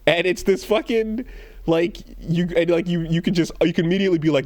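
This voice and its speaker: Podcast co-host, male, lively storyteller who acts out the lines, dry close-mic sound. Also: high-pitched, brisk, no room sound. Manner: animated storytelling, acts out quoted lines in raised voices. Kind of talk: casual chat.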